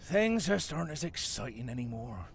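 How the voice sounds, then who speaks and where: An actor voicing a dead older English gardener with a West Country accent, dry and darkly playful, in a video game. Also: male voice, mid-range voice, big pitch swings, moderate pace, vocal fry, a little hiss or hum. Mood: sly. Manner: wry, theatrical, darkly playful.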